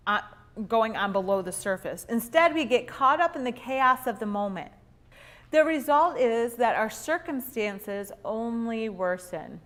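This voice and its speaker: A woman's voice: a little high, a bit bright. A woman in her thirties teaching a women's church class, telling a personal story and acting out the quoted lines.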